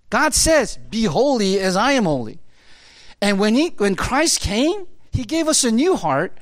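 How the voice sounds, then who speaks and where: A male pastor gives a loose, conversational sermon. His fairly high voice swings widely in pitch as he chats along, full of fillers and quick laughs. The sound is close and dry. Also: dry recording. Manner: casual and chatty, full of fillers, laughing often.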